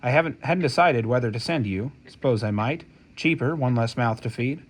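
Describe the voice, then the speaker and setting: A man's voice: medium pitch, normal speed, natural voice. A man reading the part of a harsh, cruel working-class mother, speaking in a cold, contemptuous way. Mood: scornful.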